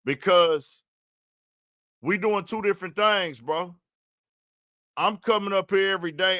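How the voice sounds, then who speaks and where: A man's voice: sits high, measured pace, long pauses, pushed and bright, dry recording, studio quality. A man hosting a live stream, ranting in a fired-up way and calling out to his viewers, repeating his points. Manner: fired-up, repeats himself, calls out to the audience. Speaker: livestream host. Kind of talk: live-stream commentary rant.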